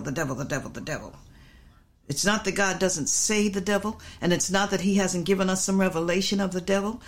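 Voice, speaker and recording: A middle-aged woman preacher teaching a sermon, emphatic and repetitive, drawing out her stresses. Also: medium pitch.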